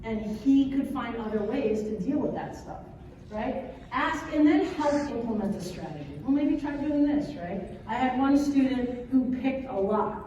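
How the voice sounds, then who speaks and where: A high, mellow female voice carries through a big echoing hall, heard from a distance with faint background hum. She is an educator in her thirties, telling stories in a chatty, animated way and checking in with the audience as she goes. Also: normal speed, lo-fi sound. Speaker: educator giving a conference talk. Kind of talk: conference talk with storytelling. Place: large hall at an educators' conference. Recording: echoey hall from far off.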